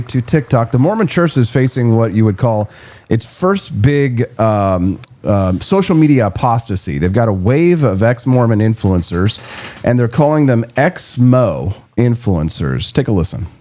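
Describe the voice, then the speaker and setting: A man's voice: medium pitch, lively intonation, moderate pace, darkish tone. Joking man hosting a talk show. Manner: joking, loose, fills with uh and um. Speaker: show host. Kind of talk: casual chat.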